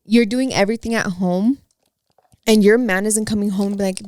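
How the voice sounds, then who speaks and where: A woman's voice: medium pitch, moderate pace, darkish tone, dry recording, clean studio sound. A young woman co-hosting a casual podcast, blunt and swearing freely. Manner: blunt, swears freely, acts out quoted voices. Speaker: podcast co-host.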